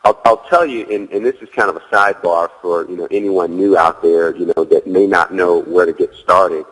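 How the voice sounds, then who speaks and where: A man's voice: deep voice, steady tone, normal speed, fairly bright tone, in a large hall, poor audio. A man as a guest in an interview, telling a story casually, leaning on "you know" and acting out his own dialogue. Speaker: guest, real estate wholesaler.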